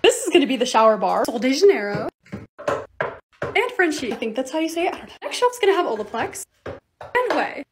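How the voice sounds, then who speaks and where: A woman's voice: sits high, sing-song, brisk, long pauses, noisy background. A young woman narrating her lifestyle vlog in a bubbly, chatty, upbeat way. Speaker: lifestyle creator.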